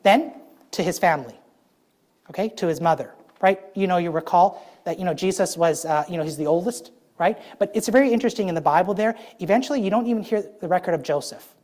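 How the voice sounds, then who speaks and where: A woman's voice: on the low side, darkish tone. Woman preaching a conversational sermon. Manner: conversational, checks in with the congregation, many fillers; stretches key phrases slowly for emphasis.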